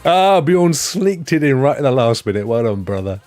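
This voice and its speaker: A man's voice: mid-range voice, very animated, normal speed, darkish tone, faint music behind. A man hosting a live gaming stream, chatting casually and jokily and greeting viewers by name. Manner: jokey, rambling, greets chat viewers by name.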